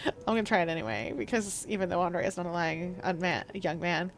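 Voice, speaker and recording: A woman's voice: lowish voice, brisk, vocal fry, faint music behind. A young woman streaming a game, chatting casually in a playful, giggly way.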